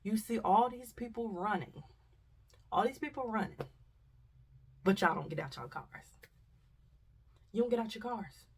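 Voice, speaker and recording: Gravelly, husky woman telling a story. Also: mid-range voice, unhurried, long pauses, recorded from a distance. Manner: animated storyteller, acts out voices, drops to whispers. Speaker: vlogger. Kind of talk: casual storytime.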